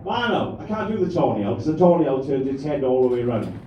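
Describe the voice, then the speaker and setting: A man's voice: medium pitch, animated, quick pace, muffled recording, a little hiss or hum. A man doing a crude, rambling stand-up routine and bantering with the crowd. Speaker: stand-up comedian. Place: comedy club stage. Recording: echoey room, mic from a distance.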